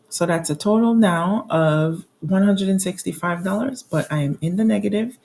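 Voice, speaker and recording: Candid mellow-voiced woman in her forties. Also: mid-range voice. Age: 40s. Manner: candid, self-deprecating, laughs at her own troubles; reads out bill amounts with frequent restarts and fillers. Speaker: budgeting vlogger. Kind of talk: casual budget walkthrough.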